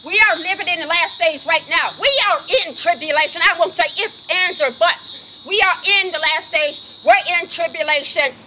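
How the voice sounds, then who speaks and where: A woman preacher giving an urgent, emphatic sermon at an outdoor service, slowing down to read scripture solemnly. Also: high voice, noisy background.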